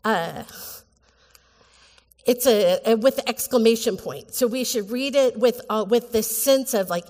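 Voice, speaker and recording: A woman's voice: a little high, a little mellow. Earnest woman preaching in a reverberant church. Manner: earnest, halting, with many restarts and fillers. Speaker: pastor. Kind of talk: sermon. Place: church sanctuary. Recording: church hall with long reverb.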